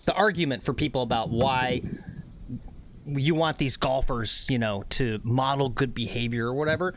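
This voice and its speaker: A man's voice: medium pitch, moderate pace, slight background noise. A man hosting a golf livestream outdoors, chatting casually to viewers and rambling, often tagging on "right?". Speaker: livestream host on a golf course. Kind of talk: casual live commentary to chat.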